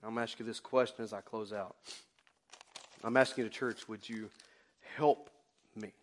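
A man preaching as pastor in a church, passionate, swinging between loud exclamations and quiet confessions. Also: fairly low pitch, fairly even intonation, moderate pace. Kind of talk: sermon. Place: church sanctuary.

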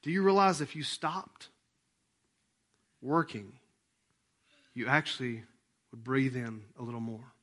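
Animated preacher with twang. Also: male voice, mid-range voice, measured pace, long pauses. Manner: lively, conversational preaching with sudden loud emphatic bursts; leads the congregation in breathing exercises. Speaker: pastor. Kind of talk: sermon.

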